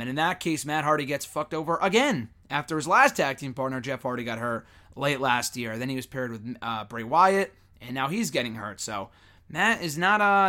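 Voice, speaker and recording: A man's voice: on the high side, bright, forceful tone. Opinionated man rambling through a review. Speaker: wrestling commentator. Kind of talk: casual spoken review.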